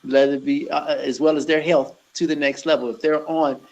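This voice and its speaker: Gravel-voiced male trainer, a little high, halting and sincere as an interview guest. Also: fairly even intonation, darkish tone, rough recording. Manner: halting, earnest, many restarts. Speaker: gym owner and personal trainer. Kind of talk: conversational interview.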